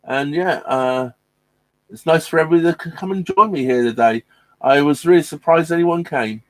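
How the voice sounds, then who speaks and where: A man's voice: on the high side, normal speed, a bit bright, no room sound. Bloke rambling on a laptop stream from his boat, ums everywhere, dry close sound. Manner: rambling and hesitant, many ums and restarts. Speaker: vlogger hosting a live stream. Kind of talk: casual live-stream chat. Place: inside a narrowboat cabin. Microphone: laptop mic.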